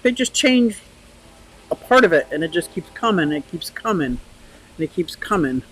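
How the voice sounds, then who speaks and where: A woman's voice: fairly low pitch, big pitch swings, normal speed, a bit bright, a little hiss or hum, poor audio. An older woman hosting a casual live chat outdoors by a pond, talking freely, laughing often and answering viewers' comments. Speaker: livestream host.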